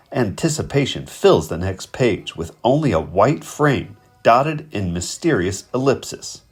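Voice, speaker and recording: Husky man narrating a novel. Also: mid-range voice. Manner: vivid, expressive storytelling. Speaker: audiobook narrator. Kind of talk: first-person novel narration.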